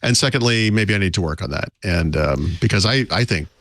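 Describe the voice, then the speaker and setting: A man's voice: deep voice, expressive, fairly quick, fairly bright tone, dry recording, studio quality. A man co-hosting a tech podcast, rambling in a casual, self-deprecating way with frequent chuckles. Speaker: podcast co-host.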